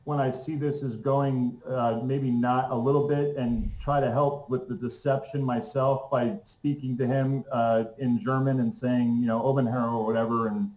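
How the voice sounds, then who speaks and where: A man's voice: medium pitch, fairly even intonation, moderate pace, hardly any pauses, darkish tone, roomy sound, rough recording. A man playing in a tabletop game, chiming in eagerly with hesitant restarts. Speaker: player.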